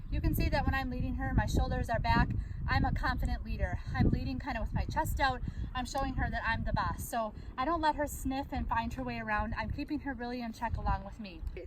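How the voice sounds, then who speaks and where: A woman demonstrating dog training, coaxing commands to her dog between upbeat explanations. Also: sits high. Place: outdoors with a dog. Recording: distant mic, loud outdoor noise.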